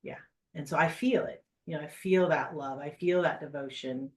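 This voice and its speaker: An animal communicator guest telling heartfelt stories in a casual podcast chat, with many pauses and fillers. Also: medium pitch.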